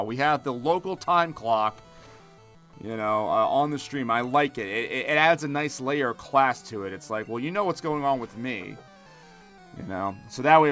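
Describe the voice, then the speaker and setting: A man streaming a video game, rambling in animated commentary and chatting with his viewers. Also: medium pitch, clear, resonant tone. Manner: rambling, animated, talks to chat. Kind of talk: live gameplay commentary.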